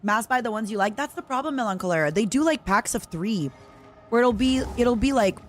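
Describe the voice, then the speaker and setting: A woman's voice: on the high side, animated, brisk, soft background music. A young woman streaming a video game, chatting in a rambling, casual way and answering her viewers. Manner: rambling, chatty, reads out chat messages. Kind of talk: casual chat while playing a video game.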